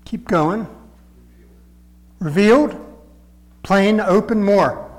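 A man with a high voice delivers a sermon in a church. He talks in a plain, conversational way, yet he hammers each point with insistent repetition. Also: drawn-out words, rough recording. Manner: earnest, conversational teaching with emphatic repetition. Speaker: preacher.

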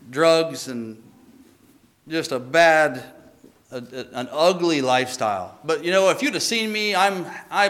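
Earnest man giving a halting testimony. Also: fairly high pitch, fairly bright tone. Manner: earnest, halting, with frequent restarts. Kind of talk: personal faith testimony.

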